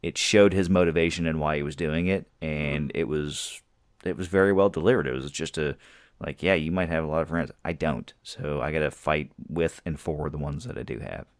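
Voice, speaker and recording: A man's voice: a bass voice, a little fast, no echo, clean studio sound. A man co-hosting a podcast, chatting casually about films and laughing easily. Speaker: podcast co-host. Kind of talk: casual movie review chat.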